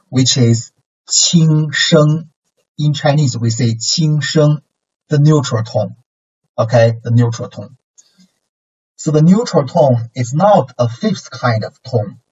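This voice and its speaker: A man teaches a recorded language lesson at a very slow, deliberate pace, his voice husky. He patiently models sounds for listeners to repeat and keeps checking in with "okay" and "right". He sounds set back from the mic, in a dull, lo-fi recording. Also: mid-range voice, darkish tone, distant mic. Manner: models syllables and tones for repetition.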